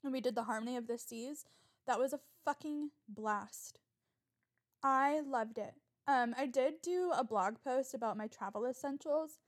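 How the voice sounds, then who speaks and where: A young woman rambles through a solo podcast episode with a fairly high voice. She swears casually and gets easily riled up, her delivery animated and chatty. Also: normal speed. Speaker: podcast host.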